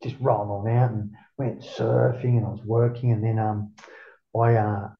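An Australian man in his forties tells stories freely, his voice gravelly and full of swearing, with bursts where he acts out what he said. The sound is roomy and a bit dull. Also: fairly low pitch, normal speed. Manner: swearing, animated, acts out his own past lines. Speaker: interview guest. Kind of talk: casual storytelling.

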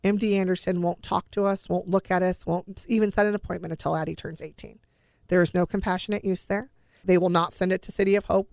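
A woman's voice: mid-range voice, no room sound, studio quality. A middle-aged woman recounting a personal story as an interview guest. She speaks earnestly and emotionally, and acts out the dialogue she quotes.

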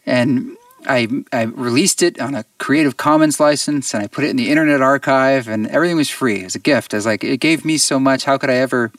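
A musician appearing as a guest on an interview show shares a personal story, earnest and reflective, often stopping and restarting. His voice is mid-range, recorded on a distant mic with no echo.

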